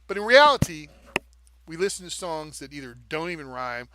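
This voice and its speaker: A man's voice: a little high, sing-song, moderate pace, pushed and bright. A man co-hosting a live stream, explaining things step by step in casual talk and checking in with the listener as he goes. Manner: taps out rhythms with "da, da".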